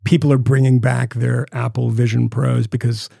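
A man co-hosting a podcast, telling stories in a rambling, profane, animated way. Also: medium pitch, normal speed, vocal fry, slightly rough, no room sound, clean studio sound. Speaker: podcast co-host. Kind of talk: casual chat.

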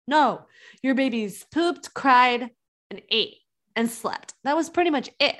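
A woman's voice: medium pitch, moderate pace, fairly bright tone. A woman in her thirties, a business coach, talking earnestly and encouragingly in a motivational monologue. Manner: earnest and encouraging, with emphatic restarts.

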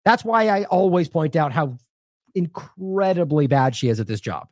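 A man's voice: fairly high pitch, animated, moderate pace, dry recording, clean studio sound. A man hosting an independent news show, delivering indignant, sarcastic commentary with heavy emphasis.

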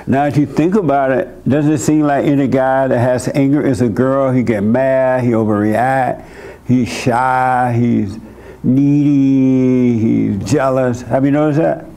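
A man hosting a church gathering counsels a young caller bluntly, pressing with short, pointed questions and repeating words for emphasis. His medium-pitched voice is mellow and steady in tone, and he speaks unhurriedly.

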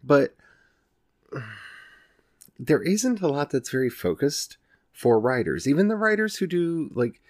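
A man's voice: mid-range voice, big pitch swings, slow, pauses often, a little mellow, no echo, clean studio sound. A man in his forties from the Ozarks with an Ozark Southern accent, hosting a casual solo podcast in a chatty, self-mocking way. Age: 40s. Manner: chatty and self-mocking, frequent laughs and restarts. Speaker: podcast host.

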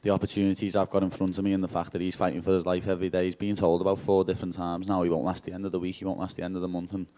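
Brash Liverpool man, low voice. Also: flat delivery, racing, hardly any pauses, warm tone. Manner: brash, cheeky, swears freely. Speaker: fighter at a post-fight press conference. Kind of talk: casual press conference answers. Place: press conference room.

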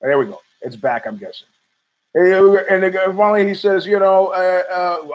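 A man rambles through a casual podcast monologue in a fairly high voice. He swears freely and keeps talking back to himself. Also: moderate pace, lo-fi sound. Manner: rambling, profane, argues with himself. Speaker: podcast host.

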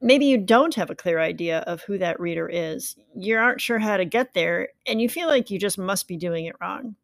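A woman's voice: mid-range voice, expressive, moderate pace, creaky, no room sound. A woman hosting a podcast, reading a reassuring, earnest introduction into a close mic. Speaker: podcast host.

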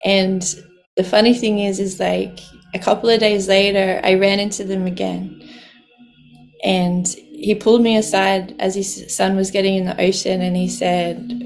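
A woman's voice: medium pitch, level tone, moderate pace, a little mellow, soft background music. A woman telling a personal story in a heartfelt way, laughing often as she talks. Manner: heartfelt, laughs often, speaks of the ocean lovingly.

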